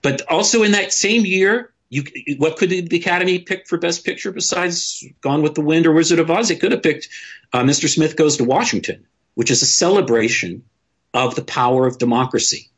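A man's voice: fairly high pitch, normal speed, husky, dull audio. A man talking in a casual podcast discussion, opinionated and blunt, swearing freely and restarting his sentences often.

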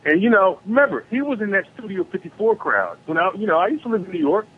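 A man calling in by phone, ranting with heavy profanity about politics in a heated, animated way. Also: high-pitched, fast, a little hiss or hum. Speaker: caller. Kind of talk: angry political rant on a call-in show. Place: South Carolina. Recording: tinny phone line.

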